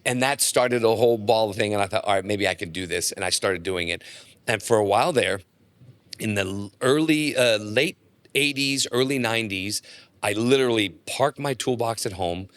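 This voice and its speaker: Animated storytelling man, dry close sound. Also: fairly low pitch, normal speed, dry recording. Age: middle-aged. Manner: animated storyteller acting out dialogue. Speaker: podcast guest. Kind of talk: casual storytelling.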